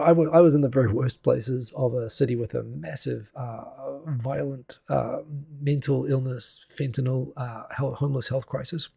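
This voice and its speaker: A man's voice: medium pitch, gravelly, mellow, husky, dry recording, studio quality. A man from New Zealand hosting a casual live stream, talking through news and reading viewer comments in a chatty way with many restarts. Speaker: live show host.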